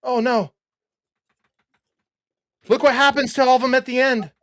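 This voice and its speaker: A man with a strikingly high voice hosts a live talk show. He talks excitedly and in bursts, restarting his sentences and getting louder as he works himself up. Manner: excitable, rapid, self-interrupting, gets worked up and yells. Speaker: show host. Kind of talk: excited conspiracy breakdown chat.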